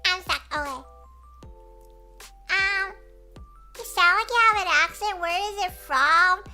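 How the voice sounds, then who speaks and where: Very high, bright-voiced woman streamer. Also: measured pace, soft background music. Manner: giggly, animated storytelling, squeals when excited. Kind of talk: casual chat.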